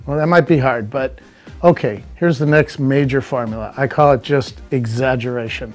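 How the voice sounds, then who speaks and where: A man's voice: medium pitch, faint music behind. Man explaining comedy formulas. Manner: explanatory, measured. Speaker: comedy instructor. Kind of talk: scripted instructional talk.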